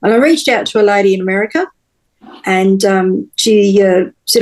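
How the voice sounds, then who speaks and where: A woman, a podcast guest telling her personal story in an earnest, halting way with many pauses and restarts. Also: medium pitch, rough recording.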